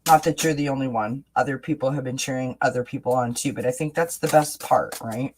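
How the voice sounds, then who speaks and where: Hosting a livestream tarot reading, this reader speaks in a mid-range voice, a little fast, with a faint hiss or hum in the background. The talk is chatty and loose, full of repeated words, restarted sentences, and frequent "right?" check-ins.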